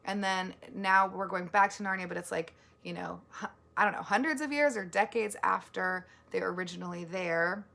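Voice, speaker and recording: A woman book vlogger with a mid-range, creaky, sharp-toned voice chats casually at a moderate pace about her month's reading. She rambles with lots of likes and ums, earnest and easily moved.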